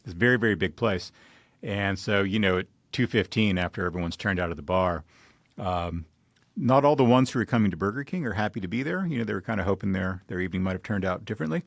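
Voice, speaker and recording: A man hosting a podcast, chatting easily and telling stories in a relaxed, conversational way. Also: fairly low pitch, quick pace, vocal fry, dry recording. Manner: easygoing, conversational storytelling. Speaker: podcast host. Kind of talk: casual conversation.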